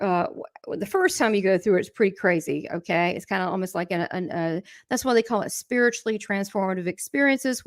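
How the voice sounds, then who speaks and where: A middle-aged woman, a spiritual coach, hosts a casual livestream, speaking in a mid-range voice. The sound is clean studio audio without echo. She's chatty, laughs a lot, and addresses her viewers directly as she reads their comments.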